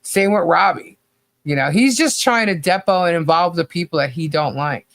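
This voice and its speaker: A man's voice: fairly high pitch, normal speed, a bit bright, no echo. A man co-hosting a podcast, delivering critical commentary in a rambling, blunt rant full of "you know" and casual swearing. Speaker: podcast co-host.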